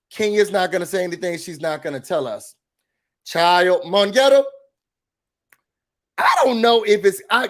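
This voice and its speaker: A man hosting a casual livestream recap, talking in an animated, sassy way and pushing his opinions hard. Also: high-pitched. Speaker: YouTube recap host.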